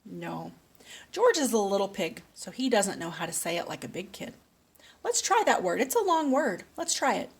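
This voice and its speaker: A woman reading a picture book aloud slowly and patiently, stopping to ask a child questions. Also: mid-range voice, very animated, creaky, breathy edge. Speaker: speech therapist.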